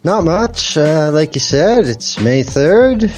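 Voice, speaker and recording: A man's voice: fairly high pitch, very animated, slow pace, darkish tone, soft background music. A man from Canada, co-hosting a radio chat show in a blunt, sardonic way and swearing freely. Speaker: radio co-host.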